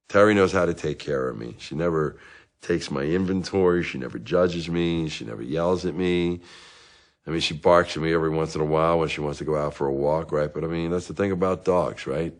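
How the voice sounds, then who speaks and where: An actor plays a self-pitying divorced dad in therapy, deep and low in voice. He rambles and justifies himself in a comic monologue, and now and then he flares up in anger. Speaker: therapy patient.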